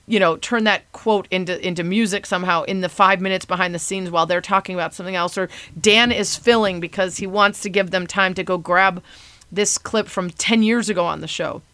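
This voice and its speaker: A woman's voice: medium pitch, bright, forceful tone, no echo. A woman giving an earnest, admiring tribute to a show. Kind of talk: tribute speech.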